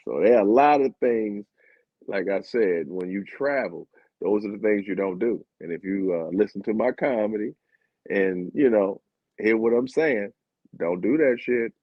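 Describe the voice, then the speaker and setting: A man's voice: on the low side, measured pace, long pauses, no echo. A man from the United States, an Olympic sprinter turned comedian, telling comic stories, laughing and acting out dialogue. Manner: animated, laughing, acts out dialogue. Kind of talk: comic storytelling. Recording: dull, dry audio.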